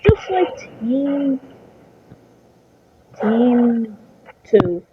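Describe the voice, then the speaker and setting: A woman runs a homemade cartoon show in a casual, rambling way, full of fillers and restarts. Her voice sits fairly high. The sound is muffled and lo-fi, with steady hiss behind it. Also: extremely slow. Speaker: show host and narrator. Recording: muffled lo-fi recording, clear hiss.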